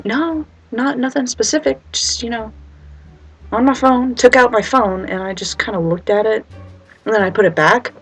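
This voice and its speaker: Husky young woman telling a story. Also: fairly high pitch, normal speed, soft background music, low-quality recording. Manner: animated, acts out quoted voices, nervous humor. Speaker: vlogger. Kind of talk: casual storytime vlog.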